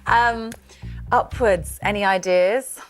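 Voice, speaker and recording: A woman on a quiz panel helps a contestant in a jokey, self-deprecating way. Her pitch is medium. Faint music plays behind. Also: fairly even intonation, slow pace.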